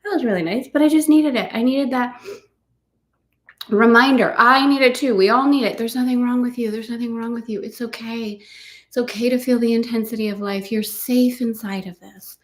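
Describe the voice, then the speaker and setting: Woman affirming softly and chattily. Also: on the high side, normal speed, echoey room. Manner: warm encouraging, repeats affirmations, laughs often. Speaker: host. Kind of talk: casual spiritual live chat.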